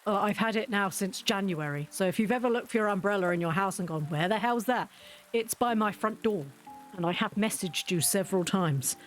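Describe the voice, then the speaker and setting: A woman's voice: medium pitch, a little fast, soft background music. A woman livestreaming, chatting casually and self-deprecatingly to her chat while telling family stories.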